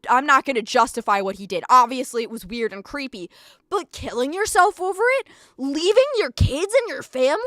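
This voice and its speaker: A woman streamer giving live reaction commentary, excitable and profane, rambling with frequent laughter. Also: high-pitched, dry recording.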